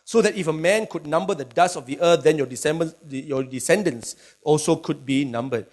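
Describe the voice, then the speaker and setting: Middle-aged pastor, high voice, animated and emphatic. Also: male voice, fairly quick. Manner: animated, emphatic, with sudden shouts and asides. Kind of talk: sermon.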